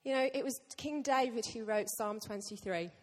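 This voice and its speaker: A woman pastor preaching a sermon to her church, lively and joking with the congregation. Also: a little high, moderate pace. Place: church hall. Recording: long reverb of a church hall.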